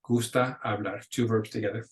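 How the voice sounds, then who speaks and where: A man's voice: on the low side, steady tone, normal speed, poor audio. A man teaching a beginner Spanish class, patiently explaining grammar step by step and modeling phrases for the class to repeat. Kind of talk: recorded classroom lecture.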